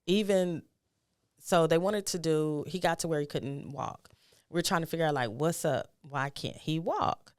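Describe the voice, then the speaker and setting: A woman's voice: normal speed, darkish tone, no room sound, studio quality. A middle-aged woman, a guest, telling a personal story and acting out the dialogue in it, her voice rising with emotion. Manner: emotional, acts out quoted dialogue with rising pitch.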